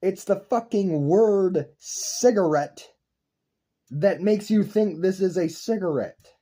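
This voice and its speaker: A man's voice: high voice, slow, dark tone. A young man lecturing his viewers in an intense, profane, repetitive philosophical rant to camera. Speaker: online video creator.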